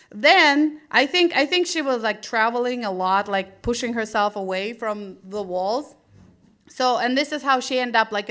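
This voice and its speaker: Bright-voiced Russian-accented woman comic. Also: a little high. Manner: animated, acts out her own reactions in quotes. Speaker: stand-up comedian. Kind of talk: stand-up comedy storytelling. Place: small gallery venue, live show.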